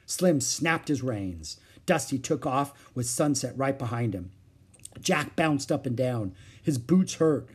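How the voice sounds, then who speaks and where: A man's voice: medium pitch, slow pace, husky. A man narrating a children's chapter book aloud. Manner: lively expressive reading. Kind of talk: storybook read-aloud.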